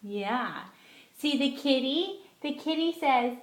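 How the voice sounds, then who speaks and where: Woman, high voice, unhurried and repetitive, teaching a toddler; roomy echo. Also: animated. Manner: gentle, repetitive, coaxing baby talk. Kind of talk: teaching a toddler animal sounds.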